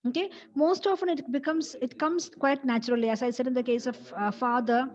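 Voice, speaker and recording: A woman's voice: high-pitched, fairly quick, darkish tone, dull audio. A woman teaching a college English class, explaining step by step in a patient lecture style and repeating key points.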